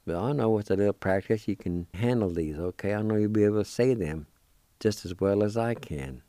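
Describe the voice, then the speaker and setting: A man teaching a language lesson on the radio, spelling words out letter by letter and repeating them slowly. He is patient and encouraging with his listeners. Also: lowish voice, warm tone, dry recording.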